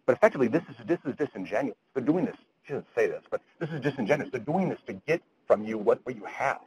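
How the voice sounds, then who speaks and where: A man's voice: mid-range voice, expressive, fast, hardly any pauses, a little mellow, slight background noise, poor audio. A man lecturing physicians at grand rounds, retelling a story earnestly and often repeating words as he goes.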